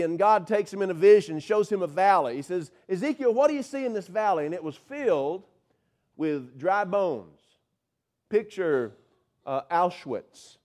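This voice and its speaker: A male pastor delivering a sermon, swinging from loud, drawn-out emphasis to soft, hushed passages. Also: high voice. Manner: drawn-out, slowed words for emphasis.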